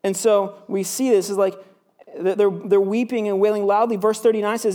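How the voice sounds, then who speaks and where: A man's voice: high voice, flat delivery, moderate pace, warm tone. A male pastor preaching a sermon in a loose, conversational way, often asking "right?".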